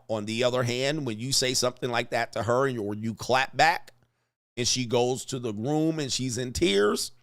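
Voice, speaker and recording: A man telling a rambling high school story in casual commentary, swearing, laughing often and acting out what people said. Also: no echo, clean studio sound. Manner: animated, profane, laughs often, acts out quotes. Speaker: commentary streamer.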